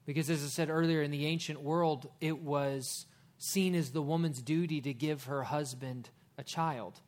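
A middle-aged man preaching a sermon, his voice sitting a little higher than most men's. He talks in a folksy way, mixing scripture with stories and joking asides to his listeners. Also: fairly even intonation, normal speed. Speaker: pastor.

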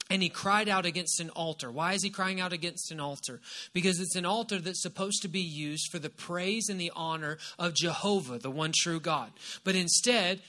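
A man's voice: sits high, bright, forceful tone. A man preaching a sermon, retelling a Bible story with emphatic repetition. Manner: emphatic and repetitive, stressing key phrases.

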